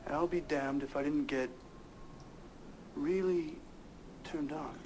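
An actor playing a dazed adult man in a film, speaking in a slow, slurred drawl. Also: on the high side, steady tone, a loud crowd. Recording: film clip with loud noise and clicks.

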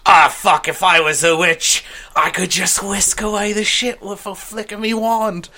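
A man's voice: sits high, level tone, a little slow, pushed and bright, voice pushed up. A man voicing a drunk, swearing woman in a put-on Cockney accent.

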